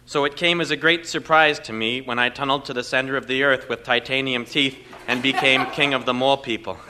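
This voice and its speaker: A man performing a deadpan comic monologue as an ordinary thirty-five-year-old guy. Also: mid-range voice, brisk, a little hiss or hum. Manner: deadpan matter-of-fact monologue.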